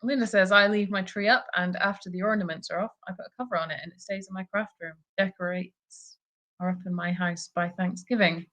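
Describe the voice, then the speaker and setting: A woman's voice: on the low side, steady tone, a little fast, fairly bright tone, muffled recording. A woman co-hosting a live stream from an animal sanctuary, reading out viewer questions and answering plainly. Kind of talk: casual live-stream chat.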